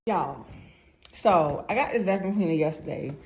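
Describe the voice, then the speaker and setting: A woman, out of breath, giving an excitable, animated product review that keeps calling out to viewers. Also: sits low, moderate pace, slight background noise.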